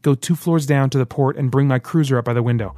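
A man's voice: mid-range voice, fast talker, warm tone, natural voice. A man voicing a defiant adult male rebel in an audiobook, blunt and heated. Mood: urgent. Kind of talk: audiobook character voice.

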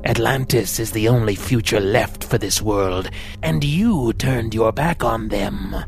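A man voicing a menacing male demon assassin in an audiobook, deep and evil-sounding. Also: faint music behind. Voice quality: deep, slow and gravelly. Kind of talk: audiobook character voice.

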